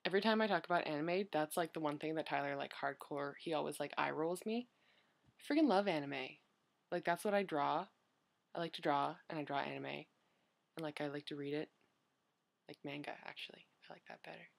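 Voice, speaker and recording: A woman's voice: sits low, a little fast, creaky. A young woman vlogger chatting casually as she answers questions, rambling and filling her talk with "like" and "you know".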